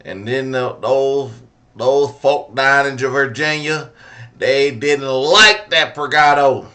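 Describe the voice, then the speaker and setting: Slow, bright-voiced joking man. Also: medium pitch, steady tone. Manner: playful, teasing, chuckling at the chat. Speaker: host reacting to a clip. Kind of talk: joking commentary to viewers.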